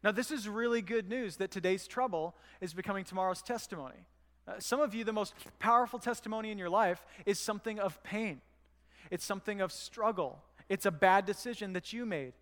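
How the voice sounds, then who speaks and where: A man's voice: sits high, a little fast, fairly bright tone, in a large hall. A man preaching a sermon as pastor, talking to the congregation in a conversational way and asking them rhetorical questions. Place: church hall.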